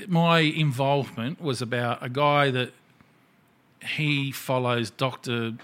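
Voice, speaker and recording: A man's voice: mid-range voice, fairly even intonation, takes it slowly, a bit bright, clear, resonant tone. Blunt man, swearing casually. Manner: blunt, swears freely, laughs at himself. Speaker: podcast host. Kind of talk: casual chat.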